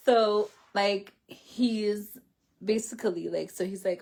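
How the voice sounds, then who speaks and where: A woman's voice: medium pitch, takes it slowly, vocal fry, darkish tone. A woman seated indoors, talking to a camera in a rambling, casual way, full of filler words and self-corrections as she shares a personal faith story. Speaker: vlogger sharing a faith and healing story. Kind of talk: casual spoken testimony.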